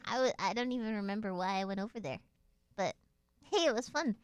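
A woman's voice: mid-range voice, lively intonation, fairly quick, smooth, dry recording, clean studio sound. A woman in casual chat, rambling with many fillers and laughing often. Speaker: guest dancer.

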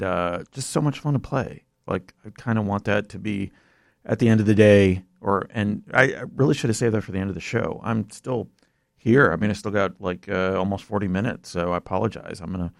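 A man's voice: fairly low pitch, vocal fry, no room sound. A young man hosting a college radio show from a studio, chatting casually and rambling with fillers and apologies. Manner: rambling, self-deprecating, lots of fillers. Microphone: studio mic.

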